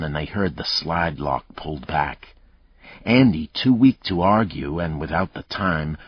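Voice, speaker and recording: Deep-voiced, slow male audiobook narrator. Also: husky, dry recording, dull audio. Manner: measured, dramatic storytelling. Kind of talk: scripted thriller narration.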